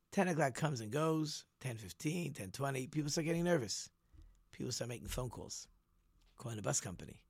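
A man telling a story in a casual talk, animated, repeating words and acting out the people in it. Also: mid-range voice, no echo, studio quality. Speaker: storyteller and teacher.

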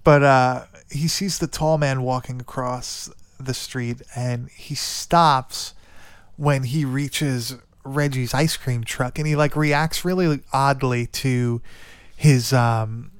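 A man talks through a movie's plot in loose, chatty podcast fashion, tossing in swear words and filler as he goes. His voice is smooth and clear. The sound is dry and close, with no room around it. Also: medium pitch, fairly even intonation, slow pace, dry recording. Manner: rambling, swears often, lots of "like" and "dude". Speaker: podcast co-host. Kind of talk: casual movie recap chat.

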